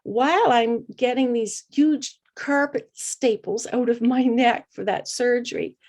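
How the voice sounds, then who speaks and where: A middle-aged woman with a voice pitched a little high tells her own story as a podcast guest. She speaks earnestly and reflectively, often pausing on small hesitant fillers. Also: darkish tone. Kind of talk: personal storytelling.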